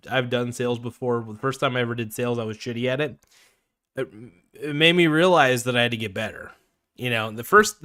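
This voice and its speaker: A man's voice: mid-range voice, no room sound. Guy on a podcast talking casual, blunt, swears a lot, dry close sound. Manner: blunt, swears freely, animated. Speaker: podcast host. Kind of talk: casual chat.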